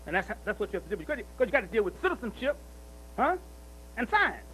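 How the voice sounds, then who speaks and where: A man preaches in a strikingly high voice, bright and forceful in tone. He drives his points home through repetition and keeps asking his listeners whether they follow him. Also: big pitch swings, quick pace, slight background noise, rough recording. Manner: emphatic, repetitive, with rhetorical questions like "see?". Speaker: speaker at a commemorative celebration. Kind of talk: preaching-style speech.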